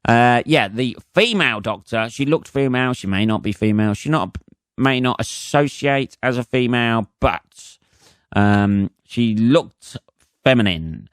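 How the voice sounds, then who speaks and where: A man's voice: mid-range voice, lively intonation, a little slow, clear, resonant tone, no room sound, clean studio sound. A man in his forties with an English accent, a comedian hosting his own podcast in a rambling, profane monologue full of fillers and restarts.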